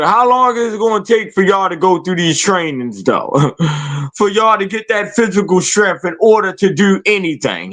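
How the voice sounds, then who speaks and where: A man's voice: sits high, a bit bright. A man hosting a podcast, ranting in a profane, taunting way and firing rhetorical questions at his listeners. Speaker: podcast host. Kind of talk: confrontational rant.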